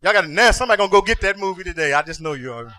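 A man preaching a sermon as pastor, calling out to the congregation and rising into sing-song shouted climaxes. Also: high voice, animated, racing.

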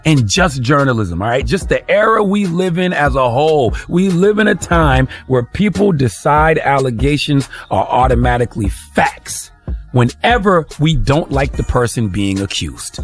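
A man's voice: medium pitch, expressive, normal speed. A man hosts a radio commentary segment in a mid-range voice, driving each point home with emphasis. He lectures his listeners and keeps checking in with a pointed "okay?". Faint music plays under his voice. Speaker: radio show host.

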